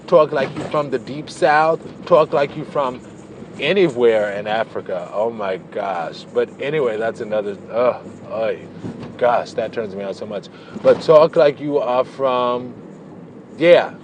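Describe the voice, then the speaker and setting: A man tells a personal story straight to his viewers in a loose, playful, gossipy way, wandering off on tangents and leaning hard on drawn-out words. His voice sits at an ordinary middle pitch. Faint background noise hangs under the recording. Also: a little mellow. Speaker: vlogger. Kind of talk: casual storytelling to camera.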